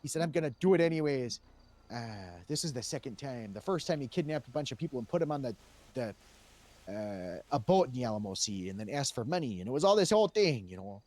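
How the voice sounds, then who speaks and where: A man speaking in character as a police officer, telling a long story in an animated way and raising his voice when he quotes people. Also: mid-range voice, fast talker. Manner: animated, raises voice when quoting others. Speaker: role-play player as police officer. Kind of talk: in-character role-play storytelling.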